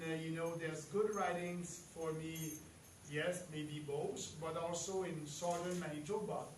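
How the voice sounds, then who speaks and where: A man's voice: fairly high pitch, a bit bright. French-accented man giving a rally speech. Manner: halting, many "uh" pauses, emphatic rises. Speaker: party leader giving a speech. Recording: echoey hall, distant mic, faint noise.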